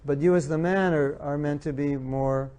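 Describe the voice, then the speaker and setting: Male lecturer, mellow dark tone, earnest, repeats his points to the audience. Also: fairly high pitch, fairly even intonation, normal speed. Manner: earnest, repeats key phrases, acts out spouses' lines. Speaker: speaker giving a talk on marriage. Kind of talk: spiritual lecture with audience questions.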